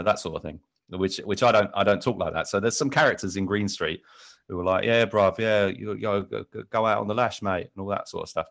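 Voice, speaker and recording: Low-voiced English man, halting chat. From England. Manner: hesitant, many restarts and fillers. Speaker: podcast co-host. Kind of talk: casual chat.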